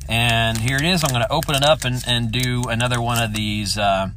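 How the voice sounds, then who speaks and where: A man hosts his own show in a relaxed, solo chat. He rambles and thinks out loud, perking up with easy enthusiasm. His voice sits at an ordinary middle pitch. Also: fairly quick, slight background noise. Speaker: podcast host.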